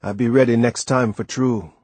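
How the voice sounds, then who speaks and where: A man's voice: medium pitch, steady tone, normal speed, a little mellow, husky, no echo, close to an everyday voice. A man reading a storybook, voicing an old sailor from the with a lilting dialect and an earnest manner. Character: old West Indian sailor, calm, devoted.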